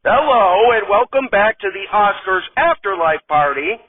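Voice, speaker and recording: A man voicing a smooth, chipper male red-carpet television host with a bright announcer delivery. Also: sits high, expressive, measured pace, no room sound, pitched above the performer's own voice. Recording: tinny distant phone-like sound.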